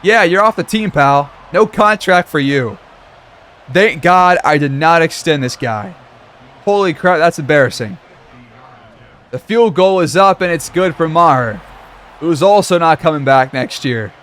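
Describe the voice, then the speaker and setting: A man giving play-by-play commentary over a football video game, reacting loudly to big plays. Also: fairly high pitch, lively intonation, unhurried. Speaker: gaming commentator.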